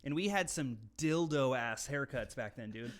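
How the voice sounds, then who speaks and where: A man's voice: mid-range voice, expressive, moderate pace. A man from California co-hosting a casual podcast, rambling and swearing freely as he jokes about accents. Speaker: podcast co-host. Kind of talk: casual profane chat.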